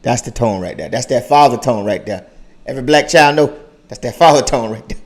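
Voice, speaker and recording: A young man hosting a casual reaction video, talking in an animated way and repeating phrases for emphasis. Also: mid-range voice, brisk. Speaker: YouTube reaction host.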